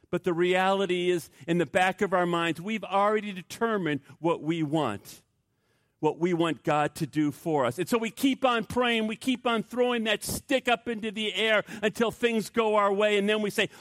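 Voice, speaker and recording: A male pastor delivering a sermon with a fairly high voice, pressing his points by repeating key phrases. He rises to emphatic peaks, then drops to a hushed tone, and the sound is dry and close. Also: moderate pace, no echo.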